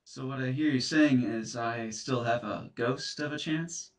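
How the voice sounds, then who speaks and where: A man's voice: mid-range voice, a little slow, natural voice. A man acting as a guilt-ridden serial dumper confronted by an ex's ghost, stammering through flustered apologies in a comedy sketch. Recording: echoey room, distant mic.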